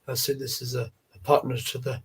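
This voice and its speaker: A man hosting a live stream, chatting gently and haltingly about toy card art, with many fillers and repeated words. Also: mid-range voice, flat delivery, breathy edge.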